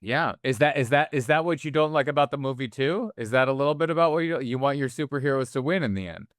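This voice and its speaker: A man's voice: mid-range voice, quick pace, no room sound, clean studio sound. A man co-hosting a movie podcast, talking casually and animatedly, swearing often and acting out characters' lines. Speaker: podcast co-host.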